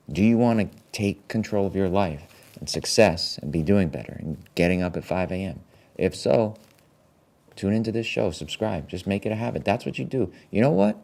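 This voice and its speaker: Man, live-stream host, very low voice, gravelly fry, self-deprecating deadpan rambling. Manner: self-deprecating, deadpan, grumbling at tech trouble. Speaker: show host.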